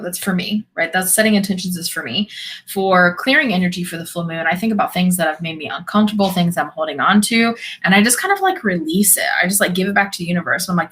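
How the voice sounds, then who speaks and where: A woman's voice: lowish voice, a bit bright, low-quality recording. A woman hosting a live stream, chatting casually as she answers viewers' questions and laughs often. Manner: chatty, laughs often, reacts to chat comments. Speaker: host of a spiritual live stream.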